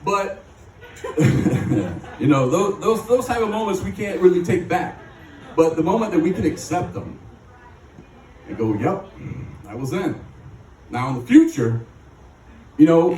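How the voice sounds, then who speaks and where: A man's voice: high voice, sing-song, moderate pace, long pauses, a little mellow, far from the mic, a little hiss or hum. A man from Michigan speaking at a recovery rally, telling his story in a joking, rambling way with frequent laughs. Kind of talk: recovery testimony talk. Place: live rally stage. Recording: echoey and off-mic.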